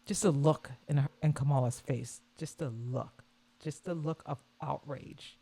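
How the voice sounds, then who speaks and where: A woman vlogger giving casual reaction commentary on a video, animated and scornful, repeating her points. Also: deep voice, measured pace, creaky, breathy edge.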